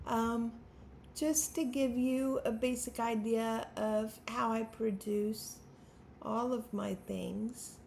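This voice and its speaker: A woman's voice: a little high, creaky, darkish tone, a little hiss or hum. A woman in her fifties, a songwriter hosting her own channel, talking unscripted to the camera in a nervous, stammering, self-deprecating way. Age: 50s.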